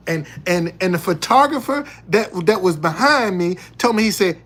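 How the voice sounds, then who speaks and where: Older male streamer, high-pitched, emphatic profane storyteller, lively swings. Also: moderate pace, few pauses. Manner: animated, loud retelling, drops low when reading chat. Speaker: live streamer. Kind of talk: casual live stream talk.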